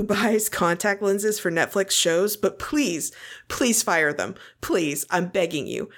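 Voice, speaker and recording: A woman co-hosting a podcast in casual chat, blunt and quick to swear and laugh. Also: medium pitch. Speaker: podcast co-host.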